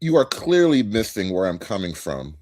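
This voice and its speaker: A man on a talk show panel, laying out his premise in a deliberate, argumentative way. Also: lowish voice, sing-song, darkish tone, dry recording.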